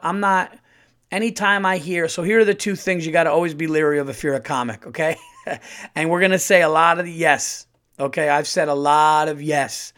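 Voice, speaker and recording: A man hosts his podcast as a comedian telling a story. His voice sits a little high, and he talks casually with plenty of swearing. When he gets worked up, his pitch jumps and he nearly shouts. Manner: animated, profane, rising to shouting when heated.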